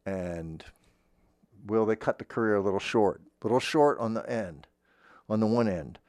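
Rambling man with a lively low voice. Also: normal speed, no echo. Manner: rambling, self-interrupting, mock-earnest. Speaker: comic playing a voice-acting teacher. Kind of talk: improvised comedy monologue.

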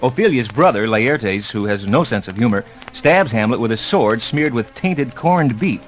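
A man giving a quick, wry comic summary in an old radio sketch. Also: medium pitch, poor audio. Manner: wry deadpan punchlines. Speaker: radio comedy narrator. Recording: old radio recording with music.

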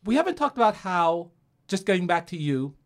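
A man over thirty-five is a guest on a radio chat. His pitch jumps around a lot as he teases the host. His tone stays light and playful throughout. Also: very animated, brisk. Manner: playful, teasing.

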